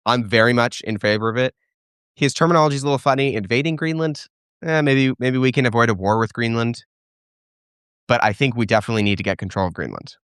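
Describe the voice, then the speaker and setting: A man's voice: mid-range voice, quick pace, fairly bright tone, clean tone, no echo, clean studio sound. A young man hosting a live question-and-answer stream, giving opinionated answers as he thinks aloud, with restarts and fillers. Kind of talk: casual live-stream commentary.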